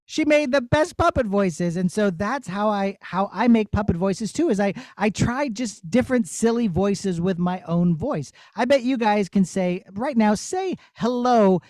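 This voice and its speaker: A man who works as a puppeteer, answering children's questions in a playful, animated way on a video call. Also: sits high, measured pace, few pauses, no echo. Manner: animated, storytelling tone with silly asides.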